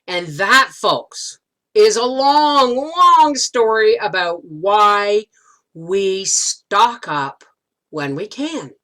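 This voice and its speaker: A woman's voice: mid-range voice, expressive, very slow, sharp tone. A middle-aged woman telling a rambling story in a casual vlog, with many restarts. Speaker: homesteading vlogger.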